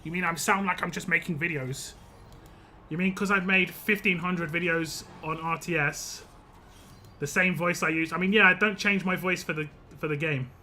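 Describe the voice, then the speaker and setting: A man's voice: fairly high pitch, fairly even intonation, moderate pace, sharp tone, a little hiss or hum. A young man streaming a game live, chatting casually with viewers, rambling and laughing often.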